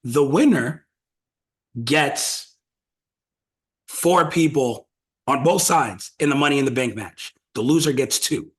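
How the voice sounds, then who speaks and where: A man hosts a casual podcast chat with a middling, everyday pitch. He talks loosely and swears freely. He builds his ideas out loud as he goes. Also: slow pace, long pauses. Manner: loose, profane, brainstorming out loud. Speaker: podcast host.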